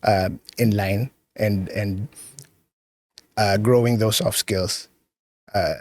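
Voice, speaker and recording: A Filipino man with a low voice speaks in an earnest, halting way, circling back over his words as he thinks. He sounds like a podcast guest recorded close and dry, with no room around him. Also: steady tone, a little mellow, no room sound. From Philippines. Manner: earnest, halting, repeats words, mixes in Tagalog. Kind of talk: casual interview chat.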